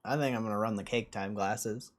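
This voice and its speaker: A man's voice: on the low side, fairly even intonation, a little fast. Joking young man rambling on stream. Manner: joking, rambling self-talk with frequent laughs. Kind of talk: casual livestream chat.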